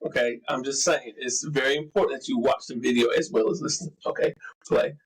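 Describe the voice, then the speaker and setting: Teasing man with a husky voice. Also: mid-range voice, fairly even intonation, fairly quick, poor audio. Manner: teasing, wry interjections. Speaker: podcast co-host. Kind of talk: casual chat.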